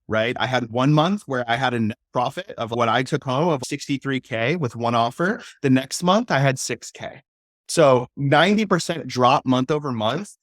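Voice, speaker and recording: A man's voice: medium pitch, no echo, studio quality. A man hosting a podcast interview, talking in an earnest, casual way and often checking in with "right?". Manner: earnest, tags points with "right?". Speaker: podcast host.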